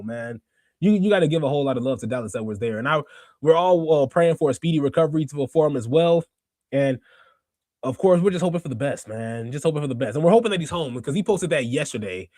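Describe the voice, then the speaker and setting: A young man hosts a wrestling podcast live, and his voice sits a bit high for a man. He rants in an animated, heated way and breaks into frequent laughs. The sound is close and dry, with no room echo. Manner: animated, ranting, laughs often. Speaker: podcast host. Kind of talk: casual livestream commentary.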